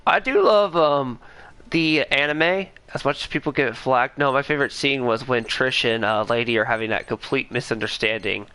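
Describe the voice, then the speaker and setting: A man's voice: medium pitch, steady tone, normal speed, pushed and bright, clear, resonant tone, dry recording. A man co-hosting a casual gaming podcast who talks with enthusiasm and laughs often. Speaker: podcast co-host.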